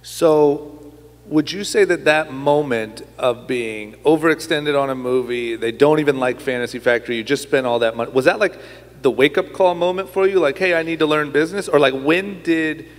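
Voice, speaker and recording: A man's voice: on the high side, normal speed. Male host, casual interview, asks pointed follow-ups, long reverb on the voice. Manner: probing, asks follow-up questions. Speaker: podcast host.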